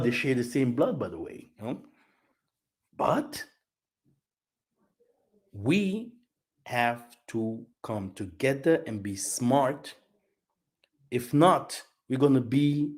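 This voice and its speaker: A man speaking as a delivers heated political commentary to his channel audience. His voice sits at an ordinary middle pitch, and he swings between loud bursts and quiet asides. He often repeats words and checks in with a "yeah?". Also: expressive, slow pace, pauses often. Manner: repeats words, frequent tag questions "yeah?". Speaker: channel host.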